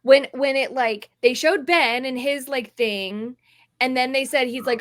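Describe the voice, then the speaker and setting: A woman's voice: high-pitched, normal speed, fairly bright tone. A woman co-hosting a podcast in casual chat, rambling with lots of fillers, sounding a little tired. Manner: chatty, rambling, many fillers. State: yawning, tired. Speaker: podcast co-host.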